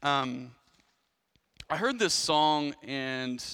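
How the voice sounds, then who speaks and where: Bright-voiced man preaching in a church. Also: medium pitch, lively intonation, very slow, clean tone, in a large hall. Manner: conversational storytelling with restarts and asides. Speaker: pastor. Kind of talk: sermon.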